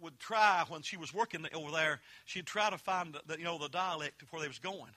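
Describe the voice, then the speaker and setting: A man preaching a holiness sermon, swinging from folksy, homey storytelling to loud, emphatic peaks. His voice is very bright and cutting, set a little above the usual male pitch. The sound is dry and close, with almost no room echo. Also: fairly quick.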